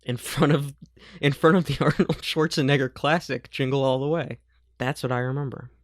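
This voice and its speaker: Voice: medium pitch, fairly even intonation, normal speed, no echo, clean studio sound. A podcast co-host in casual chat, wry, sarcastic and stubborn.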